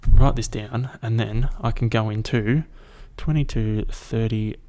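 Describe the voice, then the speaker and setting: Man, young adult, low pitch, gravelly fry, casual solo podcast, rambling, profane. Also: fairly even intonation, unhurried, warm tone. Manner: rambling, profane, self-mocking. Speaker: podcast host.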